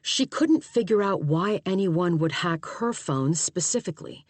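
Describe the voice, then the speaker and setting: A woman narrating a thriller audiobook in a steady, even read from a recording booth. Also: fairly low pitch, unhurried, no room sound. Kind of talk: scripted narration.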